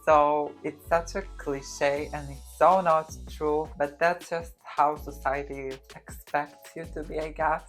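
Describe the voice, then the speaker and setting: A woman's voice: deep voice, steady tone, slow, hardly any pauses, faint music behind. A young woman in her twenties hosting a casual comedic vlog, chatty and loose with frequent swearing. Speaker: vlogger.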